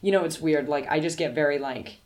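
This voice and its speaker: A woman's voice: low voice, fairly quick, a little mellow. A woman comic in casual chat, blunt and teasing, swearing now and then. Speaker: stand-up comedian.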